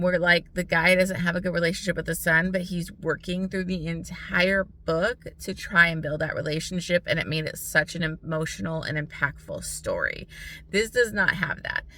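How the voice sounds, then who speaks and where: Blunt, bright-voiced young woman reviewing books. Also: on the low side, normal speed. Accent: American. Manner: blunt, frustrated, swears often, many "like" fillers. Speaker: book vlogger. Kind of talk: casual book review.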